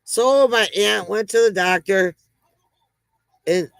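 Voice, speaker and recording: A woman's voice: medium pitch, slow, vocal fry, no echo, poor audio. A woman hosting a casual livestream, chatting with viewers, greeting them by name and telling corny jokes. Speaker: livestream host.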